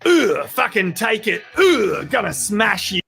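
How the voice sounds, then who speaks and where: A man with an Australian accent voicing a grumpy male tortoise picking a fight, grunting and shouting threats in a comedy clip. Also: sits high, sing-song, measured pace, vocal fry, slightly rough, soft background music, full character voice. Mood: aggressive.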